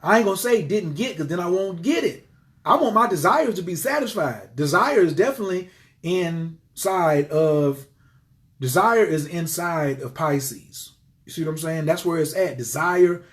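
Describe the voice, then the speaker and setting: A man chats live with his viewers in a somewhat high voice. He preaches with animated swings, swearing freely and jumping from loud outbursts to quiet, breathy murmurs. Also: moderate pace. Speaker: livestream host. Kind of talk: casual live-stream talk to viewers.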